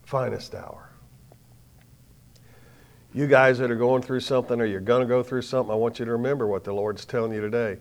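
An older man giving a sermon as storytelling, swinging from hushed lines to loud bursts with dramatic pauses. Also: mid-range voice, steady tone. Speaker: speaker.

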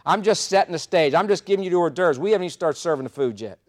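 A man with a high-pitched, racing voice speaks live on stage to an audience as a motivational speaker. He tells stories in an animated way, using punchy repetition.

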